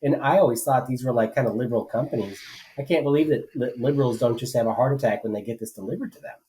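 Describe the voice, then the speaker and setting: A man's voice: medium pitch, fast, mellow, a little hiss or hum, low-quality recording. A man co-hosting a political podcast, talking casually and rambling with many fillers and restarts. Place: rural home.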